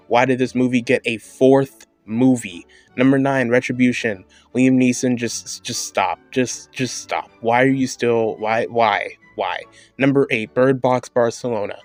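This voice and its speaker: Opinionated man reviewing movies. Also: medium pitch. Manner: opinionated, exasperated rhetorical questions. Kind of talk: casual movie review vlog.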